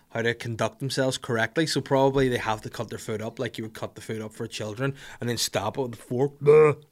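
Man, Northern Irish accent, thirties, podcast host, casual comedic rant, animated and jokey, mid-pitched voice. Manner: animated, jokey, acts out little scenes with voices.

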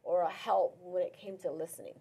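A woman's voice: on the low side, brisk, creaky, mellow, husky. A woman hosting a faith-based discussion about marriage, chatty and playful, often restarting her sentences. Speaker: host leading the discussion.

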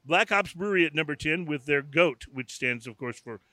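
A man with a slightly high voice chats loosely on a podcast, wandering through his sentences with plenty of ums. The sound is close and dry, with no room echo. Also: animated, brisk, pushed and bright. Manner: chatty, rambling with many fillers. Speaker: podcast co-host. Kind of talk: casual chat. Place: small room. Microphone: studio microphone.

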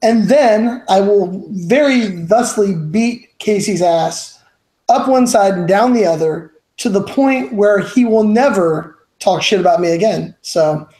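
A man's voice: high-pitched, lively intonation, a little slow, mellow. Cocky man in an echoey room. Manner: cocky, trash-talking. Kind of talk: casual podcast chat.

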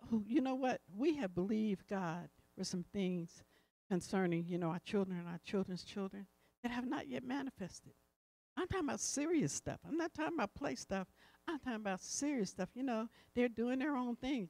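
High-voiced woman preacher, dry close sound. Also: no room sound. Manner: preaching with big swings from hushed to loud. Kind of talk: sermon.

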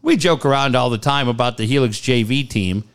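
A man in his forties hosting a talk radio show, telling blunt, animated stories with swearing and reading ads. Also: mid-range voice, a little fast, clear, resonant tone. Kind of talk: casual sports talk and live ad reads.

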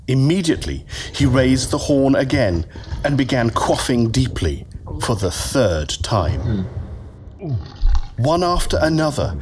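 A man narrating a story in a slow, expressive storytelling manner. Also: medium pitch, slight background noise.

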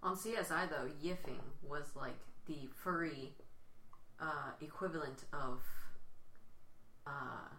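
A woman's voice: deep voice, slow, pauses often, bright, forceful tone, roomy sound, slight background noise. A woman co-hosting a podcast, giggly and playful in casual banter. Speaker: podcast co-host.

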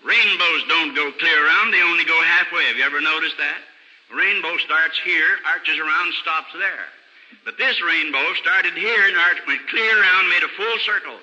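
Older preacher with a bright, ringing voice. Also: male voice, moderate pace, dull audio. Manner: earnest storytelling preacher, dropping low and soft for sad passages. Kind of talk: sermon. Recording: old radio broadcast recording with long hall reverb.

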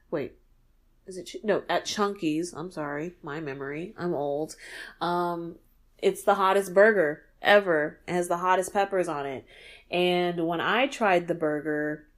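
Laughing, profane young woman podcaster. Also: lowish voice. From New York. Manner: animated, profane, laughs often. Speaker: podcast host. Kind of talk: casual monologue.

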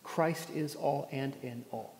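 A man's voice: medium pitch, slow pace, a little mellow. A man preaching a sermon as pastor, earnest, with pointed rhetorical questions and a touch of dry sarcasm. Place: church gathering space. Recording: echoey hall, long reverb.

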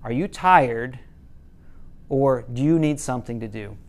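A middle-aged man teaching a parenting class, telling a story with quoted lines in a casual way. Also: measured pace. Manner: casual, quotes parents and kids in lowered voices, some restarts.

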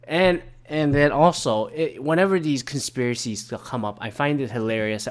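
A man's voice: mid-range voice, animated, normal speed, few pauses. A man recording a casual, sardonic solo podcast rant, swearing freely and restarting his sentences often. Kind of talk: casual ranting monologue.

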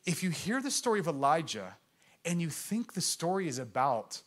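Passionate male pastor in midlife, slightly high voice, questions the crowd, ranges from booming to hushed. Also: sing-song, moderate pace. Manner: impassioned, swings from loud proclamation to hushed intensity; engages the congregation with questions. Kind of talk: sermon.

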